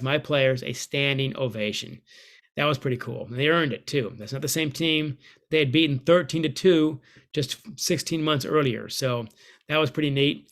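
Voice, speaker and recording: A middle-aged American man, an author and former hockey coach, telling a lively story from home over a video call. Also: a little high. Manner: lively, animated storytelling with sudden loud bursts. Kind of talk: storytelling book talk.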